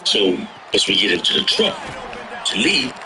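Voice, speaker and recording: A man telling tour stories in a casual chat, animated and slangy, swearing freely and breaking into loud outbursts. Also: on the low side, normal speed, noisy background. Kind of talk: casual storytelling.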